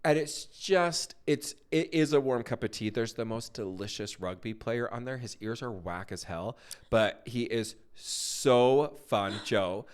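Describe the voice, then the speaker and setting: A man co-hosting a casual pop culture podcast, gushing and animated as he retells scenes, slipping into high-pitched voices for quotes. His voice is smooth and resonant, sitting at an ordinary middle pitch for a man. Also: measured pace. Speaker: podcast co-host.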